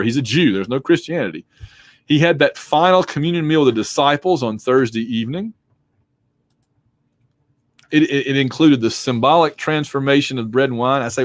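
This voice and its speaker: A man's voice: medium pitch, no echo. A man giving a chatty, informal history lecture from his home basement, with asides and jokes, yawning and hiccuping now and then. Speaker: history instructor. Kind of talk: recorded online lecture.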